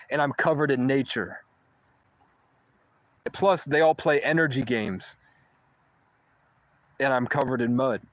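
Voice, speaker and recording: A man's voice: a little high, no echo, rough recording. A young man telling a long personal story in a rambling, profane way, often restarting mid-sentence. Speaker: vlogger. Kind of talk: casual storytelling monologue.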